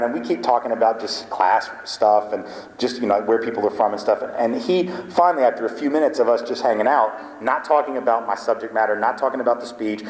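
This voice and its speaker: In a lecture hall with long, echoing reverb, a male guest speaker with a lowish, slightly mellow voice delivers a storytelling talk to a live crowd. He's animated, performs bits of dialogue, and keeps checking in with "right?"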